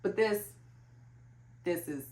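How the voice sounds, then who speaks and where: A woman's voice: mid-range voice, slow pace, a little mellow. A young woman chatting casually about books as a vlogger, talking loosely with lots of "like" fillers. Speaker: book vlogger. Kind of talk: casual chat. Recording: echoey room.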